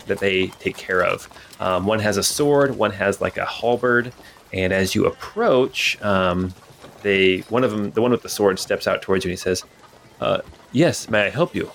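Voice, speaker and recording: Low-voiced man running a tabletop game. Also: fairly bright tone, slight background noise. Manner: rambling, many fillers and restarts. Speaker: game master.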